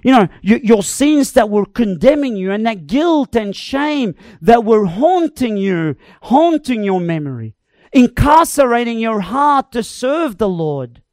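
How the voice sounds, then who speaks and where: A preacher delivering an emphatic, dramatic sermon that swings between loud cries and quiet asides. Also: medium pitch, sing-song, a little slow, dry recording, studio quality. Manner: emphatic, dramatic, varies loudness and tempo.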